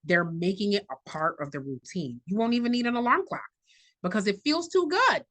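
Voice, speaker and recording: A woman speaking as a mental health clinician on a panel, animated and giving everyday examples. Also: mid-range voice, fairly quick, no echo. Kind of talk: panel discussion.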